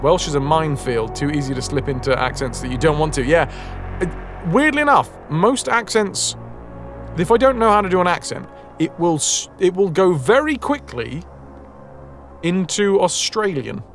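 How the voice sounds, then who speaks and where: A man's voice: a little high, expressive, normal speed, faint music behind. A man streaming a video game, chatting casually with his viewers, reading their messages aloud and swearing freely. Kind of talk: casual live-stream chat.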